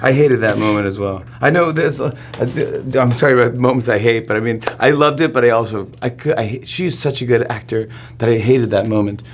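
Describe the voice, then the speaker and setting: With hardly a pause, this man in his forties talks fairly quickly in a mid-range voice, a faint hiss or hum underneath. He's a talk show host appearing as a guest in a studio interview, telling an excitable story, laughing often and acting out what people said.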